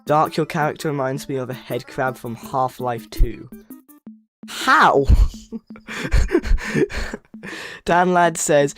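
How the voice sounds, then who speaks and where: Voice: mid-range voice, expressive, slow, pauses often, a bit bright, soft background music. A livestreamer chatting casually, rambling, correcting themself and reading chat messages aloud. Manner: self-correcting, stumbles over words.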